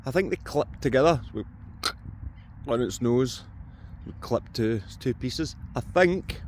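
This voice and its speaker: A man with a Scottish accent narrates a casual vlog while metal detecting in open farm fields, joking and chatting with his viewers. His medium-pitched voice is expressive, measured, and somewhat dark. There's slight background noise.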